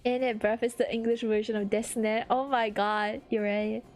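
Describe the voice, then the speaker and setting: A woman streamer in casual chat, laughing often and breaking into high-pitched giggles. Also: little pitch movement, moderate pace, darkish tone, faint music behind.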